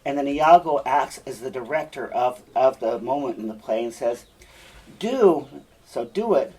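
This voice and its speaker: A man's voice: medium pitch, steady tone, normal speed, darkish tone, husky. A male teacher giving a classroom lecture. He explains step by step and often checks in with the class.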